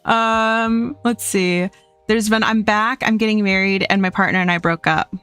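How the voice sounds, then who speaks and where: A woman's voice: medium pitch, fairly even intonation, normal speed, fairly bright tone, clean tone, no room sound, faint music behind. A young adult woman streaming from home, chatting casually, reading chat aloud and laughing often.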